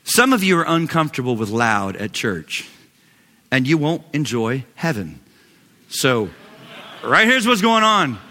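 A pastor preaching a sermon with big swings in volume, from loud calls down to near-whispers, and a slow, emphatic delivery. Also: male voice, mid-range voice, very animated. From Knoxville, Tennessee. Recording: long hall reverb.

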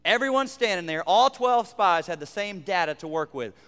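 A man preaching from the pulpit, his voice sitting high and coming across smooth and resonant. He builds to emphatic repeated phrases, then falls to hushed asides, with a long church reverb trailing every line. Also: lively intonation, moderate pace. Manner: preaching with rising emphatic repetition and sudden quiet drops. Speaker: pastor. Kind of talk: sermon.

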